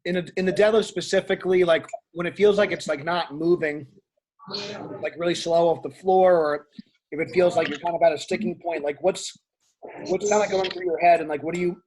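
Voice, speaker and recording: A man coaching a powerlifter through a meet in a calm, reassuring way, and interviewing a fellow lifter. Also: brisk, breathy edge. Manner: calm, reassuring, low-key.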